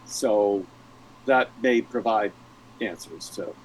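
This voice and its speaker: A man's voice: on the low side, slow, slight background noise. A man playing a tabletop game, speaking with some stammering. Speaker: player.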